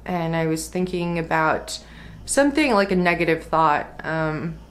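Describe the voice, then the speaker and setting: A woman in her thirties musing softly about a personal spiritual experience in a reflective vlog, with many fillers. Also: low voice, a little slow, a little hiss or hum. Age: 30s. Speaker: spiritual vlogger.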